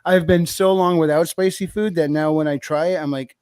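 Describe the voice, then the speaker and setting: A man's voice: a little high, little pitch movement, normal speed, a little mellow, dry recording. A man hosting a casual chat, telling stories and laughing at himself.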